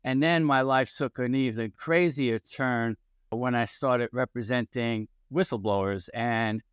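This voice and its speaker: A man in his sixties with a New York accent appears as a guest on a podcast interview, where he works as an employment attorney. His mid-range voice is clear and resonant, moving at a measured pace, and he tells stories energetically while posing rhetorical questions. The recording is clean studio sound with no room sound.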